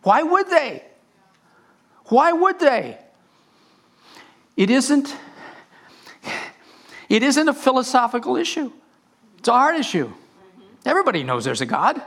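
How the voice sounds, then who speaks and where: A man's voice: very high voice, very animated, a little slow, long pauses, fairly bright tone. A male pastor preaching a sermon in an impassioned way, often repeating and restarting phrases.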